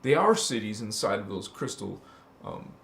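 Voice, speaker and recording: A man's voice: on the low side, sing-song, moderate pace, gravelly, fairly bright tone, slight background noise. A man preaching in an impassioned, casual spiritual talk, calling his listeners honey and breaking into chanted syllables. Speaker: spiritual channel host. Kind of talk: spiritual livestream sermon.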